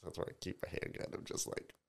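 A man from Tampa, a DJ and music producer, telling animated stories in casual podcast chat, his voice jumping up when he acts out what people said. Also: fast. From Tampa, Florida. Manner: animated storyteller, voices rise sharply in quoted outbursts.

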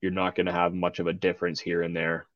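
Deep flat-voiced man on a dull mic. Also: fast, no room sound. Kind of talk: casual sports chat.

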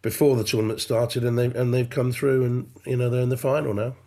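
Man, podcast co-host, mid-pitched, steady informative football chat. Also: fairly quick.

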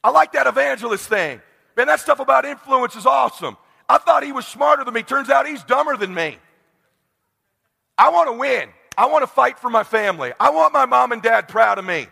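A man in his forties giving a blunt, fiery motivational sales talk, dropping to low intense asides and then shouting at the crowd. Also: animated, a little fast, creaky, slightly rough, in a large hall. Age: 40s. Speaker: sales trainer. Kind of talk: motivational seminar speech.

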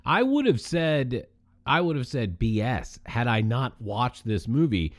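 A man's voice: medium pitch, a little slow, dry recording. A man co-hosting a podcast in casual chat, telling stories with emphatic energy. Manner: animated, emphatic storytelling. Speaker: podcast co-host.

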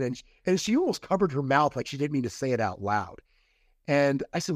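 A man's voice: medium pitch, animated, fast talker, dry recording. Male podcast guest, casual storyteller, mid-range voice, dry close sound. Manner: rambling retelling with quoted dialogue and restarts.

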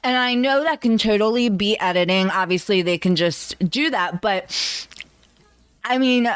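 A woman co-hosting a podcast, recapping an episode in casual chat, steady and questioning. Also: medium pitch, unhurried, clear, resonant tone, no room sound. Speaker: podcast co-host.

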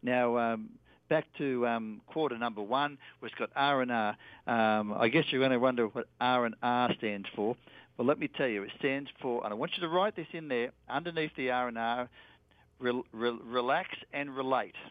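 An Australian man, a sales trainer, calmly walking through a sales method as a guest. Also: medium pitch, moderate pace, dry recording. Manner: steady, instructive, with fillers. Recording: dry, tinny phone line.

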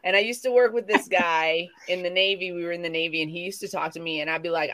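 A woman's voice: on the low side, fast talker, hardly any pauses, a bit bright. A woman from the American South co-hosting a casual live stream chat, rambling and trailing off into new thoughts. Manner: chatty, rambling, trails off and restarts mid-thought.

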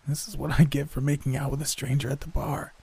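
A man voicing a sick young woman with a scratchy, hoarse voice, breathing hard and shaken. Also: medium pitch, level tone, fast, warm tone, voice pushed up. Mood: weary joking.

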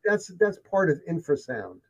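A man's voice: fairly high pitch, very animated, normal speed, creaky, slightly rough. Emphatic storytelling man on dull audio. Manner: emphatic storyteller, repeats himself. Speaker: guest telling of sightings. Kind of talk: casual conversation. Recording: dull lo-fi sound.

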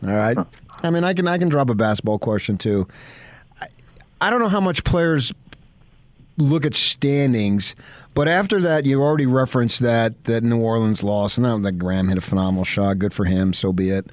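A man's voice: mid-range voice, moderate pace, no room sound. A man hosting a sports radio show, enthusiastic and rambling through long stories and questions. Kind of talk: casual radio interview.

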